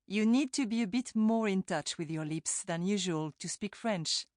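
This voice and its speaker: A woman's voice: medium pitch, normal speed, darkish tone, dry recording, clean studio sound. A woman reading a scripted language lesson for an audiobook, demonstrating words carefully. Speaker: language tutor.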